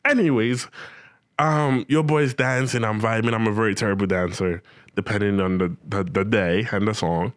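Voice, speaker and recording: A young man telling a comic personal anecdote in casual slang, animated and acting out his own reactions. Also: on the low side, normal speed, dry recording, clean studio sound. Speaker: storyteller.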